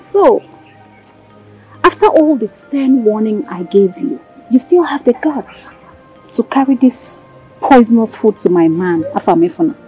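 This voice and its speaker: A woman's voice: fairly high pitch, lively intonation, measured pace, mellow, husky, muffled recording, soft background music, full character voice. A woman playing a mocking jealous rival. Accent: Nigerian Pidgin. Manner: mocking, threatening.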